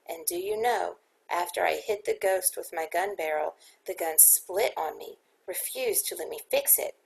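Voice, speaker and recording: A woman reader voicing a man telling a dramatic ghost story by the fire, with a low, gravelly tone. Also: lively intonation, moderate pace, poor audio. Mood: teasing. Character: old man storyteller spinning a ghost tale.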